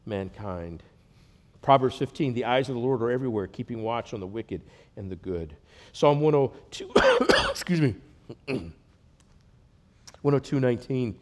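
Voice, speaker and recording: Male pastor, mid-pitched, earnest sermon delivery with swells and hushes. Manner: earnest, swells loud then drops to a hush.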